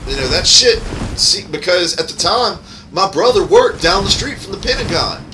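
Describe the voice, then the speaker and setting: A man's voice: high-pitched, animated, moderate pace. A man in his thirties hosting a gaming channel, ranting in a rambling, profane, heated way. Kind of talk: ranting casual commentary. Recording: noisy home recording.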